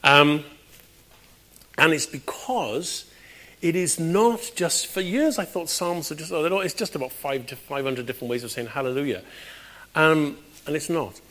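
A British man preaching a conversational sermon in a church, with sudden loud, emphatic bursts. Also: a little high, normal speed. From Britain.

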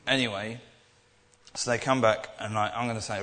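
Young guy preaching, kinda rambly and earnest, lowish voice, big echoey hall. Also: steady tone, normal speed, bright, forceful tone. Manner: rambling and earnest, with many restarts. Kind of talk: informal sermon.

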